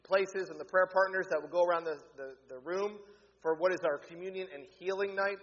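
A pastor giving church announcements, upbeat and joking with the congregation. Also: male voice, high-pitched, brisk, a bit bright. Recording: echoey hall, dull lo-fi sound.

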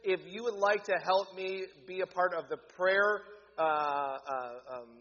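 A pastor giving church announcements, upbeat and joking with the congregation. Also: male voice, sits high, unhurried, a bit bright. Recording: echoey hall, dull lo-fi sound.

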